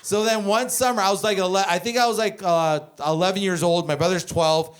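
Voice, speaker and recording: On a club stage, a Canadian stand-up comedian tells profane stories with a lively, animated delivery, breaking off now and then for crowd work. His smooth voice sits a little higher than most men's, and he talks fairly quickly.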